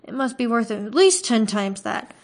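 A woman's voice: fairly high pitch, expressive, moderate pace. A woman reading aloud and voicing a young male farm-boy hunter who speaks in a curt, defensive way.

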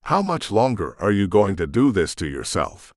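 A man voicing an ancient, stern male demon blacksmith, gruff and commanding, in an audiobook. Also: on the low side, big pitch swings, normal speed, no echo, studio quality. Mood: exasperated. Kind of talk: audiobook character voice.

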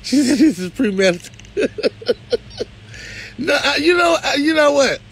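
A man hosting a live stream, talking casually, pleading one moment and loudly complaining the next. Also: very high voice, a little fast, creaky. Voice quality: animated, swings from pleading to loud complaint. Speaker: live show host.

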